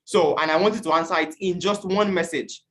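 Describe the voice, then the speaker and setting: A man from Nigeria teaching an online class, earnest and questioning, at times acting out shouted quotes. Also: high-pitched, steady tone, fairly quick. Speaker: youth teacher.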